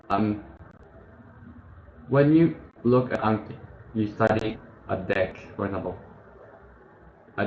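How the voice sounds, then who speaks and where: A man casually walking through a study app on screen, thinking aloud and correcting himself as he goes. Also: fairly low pitch. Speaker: tutorial host. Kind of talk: casual screen-share tutorial. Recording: muffled, echoey room with faint hiss.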